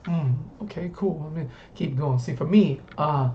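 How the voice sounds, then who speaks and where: Man, southern US, casual host, rambling, slightly high voice, muffled recording, faint hiss. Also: normal speed, mellow. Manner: rambling, repeats words, loose and easygoing. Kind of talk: casual chat.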